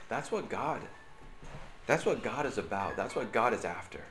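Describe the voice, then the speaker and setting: A pastor whose voice sits on the low side, with vocal fry, gives a chatty storytelling sermon in church and frequently asks the congregation "right?" The room is echoey and there's background noise.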